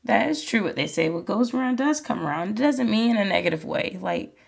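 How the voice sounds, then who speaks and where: A woman's voice: medium pitch, lively intonation, a little fast, gravelly, breathy edge. A woman hosting a podcast, talking in a casual, earnest and encouraging way, full of "like" and "you know". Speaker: podcast host. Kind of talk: casual motivational monologue.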